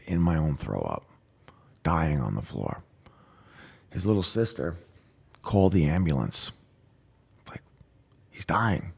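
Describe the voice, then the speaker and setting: A man guest on a podcast, telling his recovery story with animated storytelling, acting out voices and dropping to a whisper at grim moments. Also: deep voice, creaky, husky. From New York. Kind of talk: emotional storytelling.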